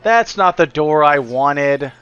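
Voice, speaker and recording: A man's voice: a little high, expressive, slow pace, fairly bright tone, highs cut off, faint music behind. Chatty man streaming a game. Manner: chatty, joking, reads on-screen lines aloud. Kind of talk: casual game commentary.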